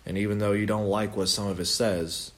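A man's voice: fairly low pitch, little pitch movement, a little fast. Earnest young man leading Bible study. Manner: conversational, self-correcting, earnest. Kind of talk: informal Bible study teaching.

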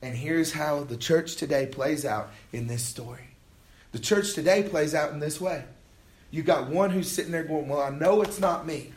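A male pastor preaching a sermon in a conversational way, acting out people's inner thoughts in quick quoted asides. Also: fairly high pitch.

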